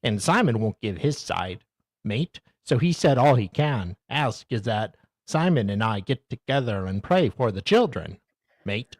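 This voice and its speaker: A rowdy ocker Aussie bloke, as a man puts on the voice, with a husky, breathy edge and a dry, close sound. He hams up a broad Australian twang and keeps tacking "mate" and "eh" onto his lines. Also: medium pitch, big pitch swings, unhurried, no room sound. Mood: mocking. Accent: put-on exaggerated Australian. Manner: tacks "mate", "oi" and "eh" onto every line. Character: boisterous ocker Aussie bloke reading out texts. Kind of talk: comic mock reading of text messages.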